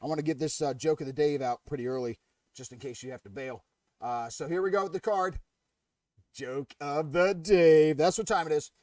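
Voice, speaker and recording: A man's voice: a little high, fast, a little mellow, no echo, distant mic. A man hosting a casual live-stream chat, jokey and chatty, laughing at his own jokes and greeting viewers. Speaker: livestream host.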